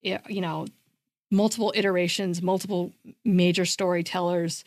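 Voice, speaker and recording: A woman's voice: fairly low pitch, fairly even intonation, normal speed, a little mellow, no echo. A woman co-hosting a podcast in casual discussion. She talks emphatically, repeats herself for stress and says "like" often. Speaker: podcast co-host.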